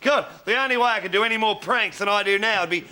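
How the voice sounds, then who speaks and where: A man's voice: high voice, fast talker, sharp tone. An actor with an Australian accent playing a boastful Aussie prankster ex-boyfriend who laughs at his own lines. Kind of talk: studio sitcom acting.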